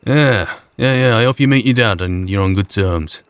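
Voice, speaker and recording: A man's voice: on the low side, normal speed, close to an everyday voice. A man playing a blunt, teasing, suspicious frontier fisherman. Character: gruff cagey frontier man who fishes.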